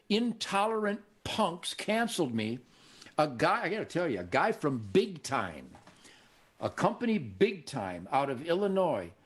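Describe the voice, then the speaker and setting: Cocky, husky older man telling stories. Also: on the high side. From Michigan, USA. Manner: cocky, animated, acts out quoted voices. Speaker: show host. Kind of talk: casual storytelling conversation.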